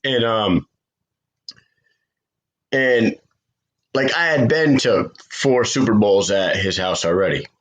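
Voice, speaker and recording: A man from the United States, co-hosting a podcast and telling stories in a loose, profane, animated way. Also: on the low side, slow pace, long pauses, low-quality recording. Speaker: podcast co-host. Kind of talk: casual chat.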